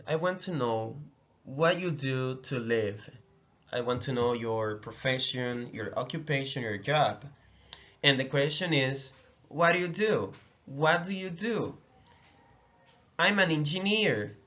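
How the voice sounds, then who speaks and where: A man with a Dominican Spanish accent teaches a language lesson, saying each phrase slowly and repeating it for the learner. His voice sits a little high and sounds bright and forceful. The recording is slightly dull and lo-fi. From Dominican Republic.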